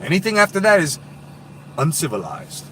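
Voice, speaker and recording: A man's voice: a little high, huge pitch swings, moderate pace, sharp tone, a little hiss or hum. A man in his thirties of Puerto Rican heritage hosting a casual live stream, talking bluntly and profanely in streetwise slang. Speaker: boxing live-stream host.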